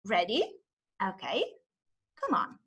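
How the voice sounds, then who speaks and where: A woman giving an online teaching demonstration, talking as if to a class of young children and sounding out letters slowly and with exaggeration. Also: mid-range voice, huge pitch swings, pushed and bright, breathy edge. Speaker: teacher trainer. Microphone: video call.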